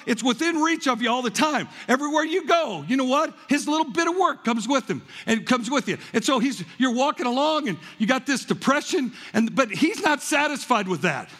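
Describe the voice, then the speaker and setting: A man with a high, husky voice preaches to his congregation, spinning animated stories and stumbling over repeated words as he builds his point. His voice rings out with a long reverb tail, as if recorded in a large church hall. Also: fairly quick. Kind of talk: energetic sermon with stories.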